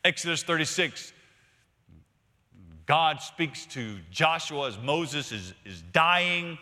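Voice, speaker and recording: A man preaching a sermon as pastor, emphatic, swinging from loud to hushed and repeating words for stress. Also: a little high, big pitch swings, a little slow. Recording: long reverb of a large hall.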